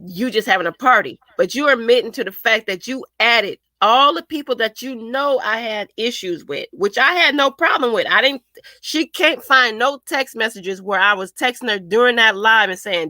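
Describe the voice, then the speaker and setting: Bright-voiced woman venting in heated chat. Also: on the high side, normal speed, no echo. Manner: animated, swearing, quotes others in put-on voices. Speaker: co-host. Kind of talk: heated casual commentary.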